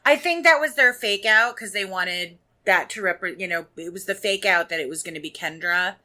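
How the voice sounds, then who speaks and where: A woman co-hosting a podcast in casual chat, chatty with quick asides. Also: lowish voice, bright, forceful tone. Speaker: podcast co-host.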